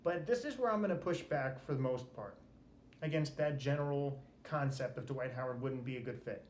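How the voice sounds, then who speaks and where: A man's voice: mid-range voice, moderate pace, a little mellow. A man hosting his own podcast, giving a solo sports rant and repeating key points for emphasis. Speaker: podcast host. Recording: roomy, with faint background noise.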